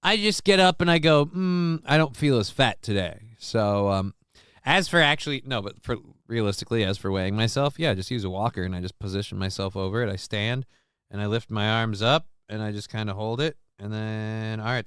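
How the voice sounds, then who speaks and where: A middle-aged man chats on his home live stream in a bright, clear voice, recorded close and dry with no room sound. He rambles, swears casually and reads viewers' comments aloud. When he quotes people he lifts into a livelier voice. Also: fairly low pitch, a little fast, no room sound. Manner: quotes himself and others in livelier raised voice. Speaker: livestream host. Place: home desk.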